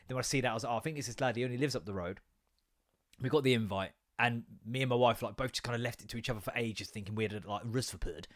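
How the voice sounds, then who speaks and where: A man hosting a podcast, telling a story in a casual, sweary rant. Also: mid-range voice. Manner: animated, sweary, mimics voices in anecdotes. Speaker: podcast host.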